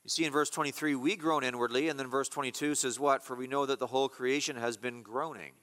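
A man preaching an expository sermon as a pastor, emphatic and repeating key phrases slowly. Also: mid-range voice, fairly even intonation, fairly bright tone, long reverb tail.

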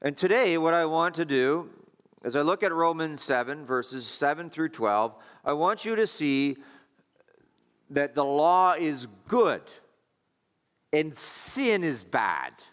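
A man's voice: on the high side, lively intonation, slow, fairly bright tone. A man preaching a sermon as pastor, asking rhetorical questions and repeating his points with emphasis. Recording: long hall reverb.

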